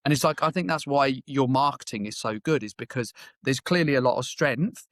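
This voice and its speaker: A man speaking as a business coach and podcast guest, his pitch sitting in the middle range. He talks frankly and conversationally, dropping the occasional swear word. The recording is close and dry. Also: a little fast, fairly bright tone, no room sound. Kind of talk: casual interview chat.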